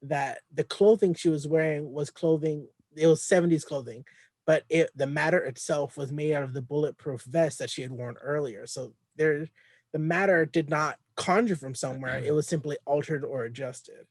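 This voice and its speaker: A man's voice: a little high, moderate pace, darkish tone, dry recording. A man co-hosting a casual podcast, explaining his take at length and arguing his point. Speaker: podcast co-host.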